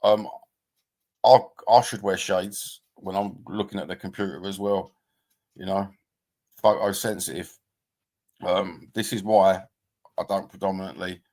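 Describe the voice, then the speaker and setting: A man's voice: deep voice, fairly even intonation, a little slow, pauses often, darkish tone. A man, chatting casually on a livestream and reading out viewer comments. He rambles bluntly, swears freely and calls people mate and bruv. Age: 50s. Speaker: livestream host.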